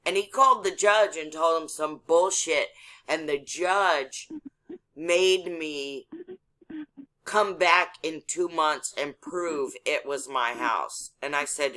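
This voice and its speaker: A woman's voice: low voice, takes it slowly, pushed and bright, rough recording. A woman from Texas, a caller telling her story in casual chat, blunt and indignant, with a bit of cursing. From Texas, USA.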